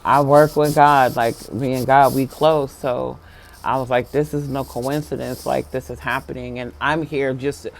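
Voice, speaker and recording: An excitable vlogger recounting a spiritual encounter to viewers, dropping to a hush, then bursting out loud and laughing. Talk is loose and full of fillers like "like" and "um", with frank, casual swearing. The voice sits at a middling pitch. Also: unhurried, creaky, slight background noise. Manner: filler-heavy, lots of "like".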